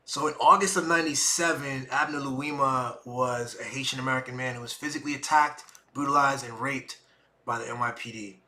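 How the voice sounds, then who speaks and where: A man's voice: mid-range voice, normal speed, slight background noise. A middle-aged man, hosting a podcast and telling a personal story with emotion, acting out what people said. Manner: emotional, animated retelling with acted-out quotes. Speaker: podcast host.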